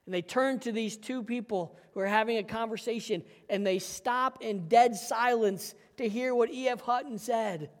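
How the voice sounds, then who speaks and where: A pastor delivering a sermon, emphatic and forceful, dropping to a quiet, intense hush for key points. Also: male voice, very high voice, moderate pace, few pauses, in a large hall.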